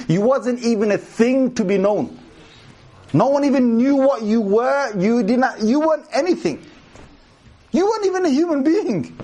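A man preaches to a gathered audience in a fairly high voice. He talks in an animated, joking way and throws questions at the listeners. Now and then he recites verses in Arabic. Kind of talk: sermon to a live audience.

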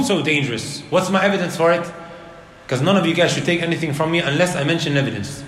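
A man giving a religious lecture to a live audience, animated and asking the crowd rhetorical questions. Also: fairly high pitch, slight background noise. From Leicester, England. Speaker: Islamic preacher. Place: indoor hall with an audience. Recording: roomy lecture hall.

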